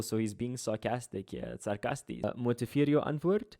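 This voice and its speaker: A young man, tutoring through an exam paper in a relaxed, slangy, chatty way. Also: mid-range voice, normal speed, few pauses. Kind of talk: casual exam walkthrough.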